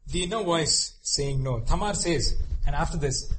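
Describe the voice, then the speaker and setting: A male preacher speaks in an earnest, repetitive way, often restarting his phrases and pausing on you-knows. His voice sits a little high for a man. A light hiss of background noise runs under the sermon. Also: a bit bright, poor audio.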